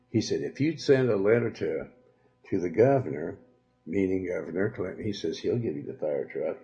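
A man's voice: on the low side, gravelly, mellow. A man with a Southern US accent who leads a church, telling a rambling story in a preachy, denouncing way with many fillers and asides. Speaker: church leader hosting a religious program. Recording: muffled lo-fi recording.

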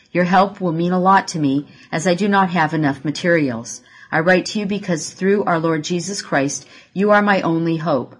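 Woman with a low, husky voice reading a letter aloud, steady delivery. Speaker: letter reader.

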